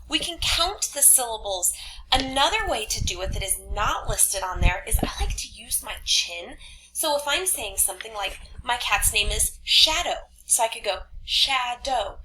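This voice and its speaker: A woman teaching third graders in a recorded online lesson, upbeat, speaking slowly and clearly to children, with some whispered asides. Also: fairly high pitch, pushed and bright, a little hiss or hum, poor audio. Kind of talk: online class lesson video.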